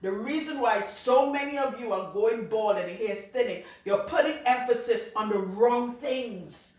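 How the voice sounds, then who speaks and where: A woman's voice: on the high side, normal speed. Outspoken Trinidadian woman, salon owner, brash and frank, distant mic, heavy room echo. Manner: blunt, outspoken, cusses freely, laughs loudly. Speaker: loctician. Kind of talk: casual talk to camera.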